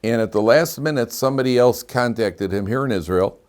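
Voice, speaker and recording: A man's voice: mid-range voice, brisk. A man, a rabbi giving a Torah class, telling stories with animation, acting out dialogue, wandering off on asides and asking rhetorical questions. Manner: animated storyteller who acts out dialogue; digressive, with frequent restarts and rhetorical questions.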